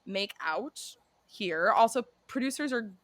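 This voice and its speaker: A woman co-hosting a podcast in casual chat, animated and sweary, often mimicking people. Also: medium pitch, measured pace, no echo. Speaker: podcast co-host.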